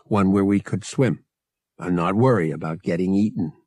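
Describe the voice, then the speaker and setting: A man voicing a cocky, easygoing young male pilot in an audiobook, speaking in a smug, low voice. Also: normal speed, no room sound, studio quality. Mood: earnest. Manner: smug, relaxed, low delivery.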